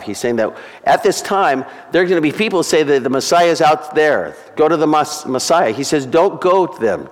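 Emphatic male preacher in a reverberant hall. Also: fairly high pitch. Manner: emphatic, conversational preaching with acted-out quotes. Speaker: pastor. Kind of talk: sermon.

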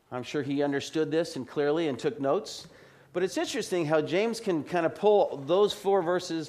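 A man preaching an earnest expository sermon, reading scripture slowly and carefully. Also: medium pitch, a little mellow. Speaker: pastor.

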